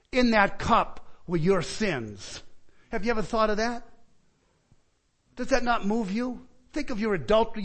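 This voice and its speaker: A man preaching with a fairly high voice. He rises to loud, pleading calls and drops to quiet reflection, often stopping to ask his listeners questions and restarting his words. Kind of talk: sermon.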